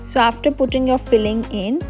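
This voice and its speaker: A woman's voice: on the high side, moderate pace, a little mellow, faint music behind. A young woman, host of a cooking channel, explaining a recipe step by step in a voice-over.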